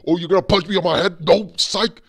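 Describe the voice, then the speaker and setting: A man voicing a cocky, taunting giant robot monster in a smug, teasing way, with loud music behind him. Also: sits high, steady tone, a little fast, noisy background, natural voice.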